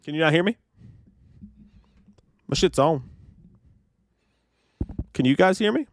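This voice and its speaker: Excitable, swearing man co-hosting a podcast. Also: fairly high pitch, slow pace, no echo. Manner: excitable, profane, many fillers and restarts. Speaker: podcast co-host. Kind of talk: casual podcast chat.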